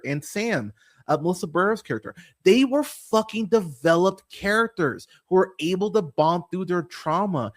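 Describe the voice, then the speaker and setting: A man hosting a movie review podcast, talking in a casual, profane, exasperated rant. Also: a little high. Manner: animated, swearing, exasperated.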